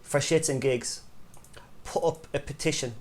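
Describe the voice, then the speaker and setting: A man's voice: fairly high pitch, unhurried, darkish tone. A middle-aged Irish man co-hosting a podcast, telling stories in casual chat and often tagging on "right?". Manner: chatty storyteller, peppers talk with "right?" and "you know". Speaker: podcast co-host.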